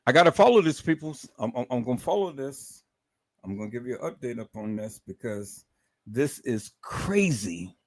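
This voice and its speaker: A man hosting a livestream, talking emotionally and stammering, with words repeated, agitated outbursts and soft trailing off. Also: mid-range voice, big pitch swings, normal speed, dry recording. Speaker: livestream host.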